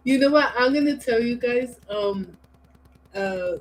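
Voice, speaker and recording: Slow soft-spoken woman, Bronx accent. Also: on the high side, rough recording. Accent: New York, Bronx. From New York. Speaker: guest. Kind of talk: casual chat.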